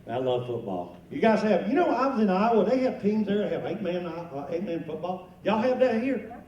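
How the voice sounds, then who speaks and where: This lunch speaker, an older man, spins folksy stand-up stories in a high-pitched, very animated voice that's fairly quick and a little mellow, getting rowdy whenever a punchline lands. Miked from afar in a spacious banquet hall, the recording is muffled with faint noise.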